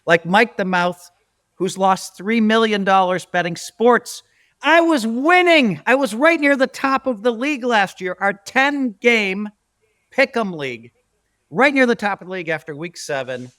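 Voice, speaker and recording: A man's voice: high voice, lively intonation, moderate pace, sharp tone, dry recording, clean studio sound. A man hosting a casual sports podcast, ranting emphatically and bantering with his co-hosts. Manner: emphatic, bantering, rant-style delivery. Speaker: podcast host.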